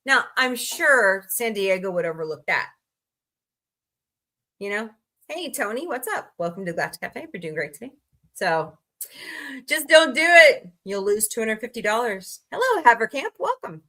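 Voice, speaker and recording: A woman hosting a casual comedy livestream with a bright, forceful voice. Her delivery is sarcastic and wisecracking as she reads odd laws aloud. She keeps stopping to greet people in the chat by name. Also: fairly high pitch, big pitch swings, moderate pace. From United States.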